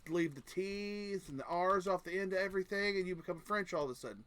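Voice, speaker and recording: Male game streamer, bright slightly high voice, rambling crude jokes at a desk mic. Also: brisk. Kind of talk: casual gaming chat.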